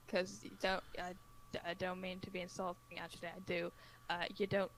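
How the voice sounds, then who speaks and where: A woman's voice: lowish voice, level tone, fairly quick, a little hiss or hum, poor audio. Sarcastic woman at a game table. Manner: sarcastic, joking. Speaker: player. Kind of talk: playing a tabletop game online.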